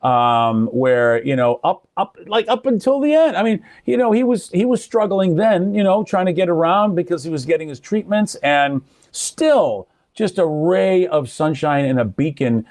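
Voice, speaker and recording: A man's voice: high-pitched, normal speed, few pauses, no echo, studio quality. An older man, a radio personality, telling stories in casual conversation and acting out the people he quotes. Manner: animated storyteller, acts out quoted people.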